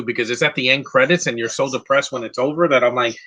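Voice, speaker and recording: A man's voice: medium pitch, fast, hardly any pauses, sharp tone. A man giving casual live commentary on a movie, answering chat questions bluntly with frequent restarts and fillers. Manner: opinionated, blunt, insulting.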